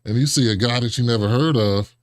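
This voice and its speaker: A man in his forties, a guest on an interview show, telling stories in a casual, animated way and acting out old conversations. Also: fast, no echo, clean studio sound. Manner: animated, acts out remembered dialogue with big pitch jumps, chuckles. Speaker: interview guest, former pro football lineman.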